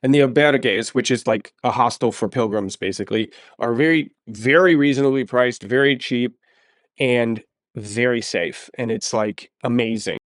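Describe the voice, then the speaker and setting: A man's voice: mid-range voice, moderate pace, no echo, clean studio sound. A man telling a travel story in a casual interview, emphatic and enthusiastic, often repeating words for stress. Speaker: podcast host sharing his story.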